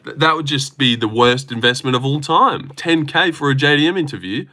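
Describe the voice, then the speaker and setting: Briskly and at medium pitch, a young Australian livestream host reads comments aloud. His banter is loose and excitable, with plenty of swearing.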